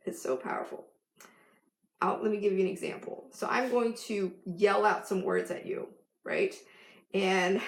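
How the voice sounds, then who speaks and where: A woman's voice: medium pitch, creaky. A woman life coach giving an emphatic motivational vlog talk, laughing often. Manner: bursts into loud yelled affirmations. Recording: echoey room.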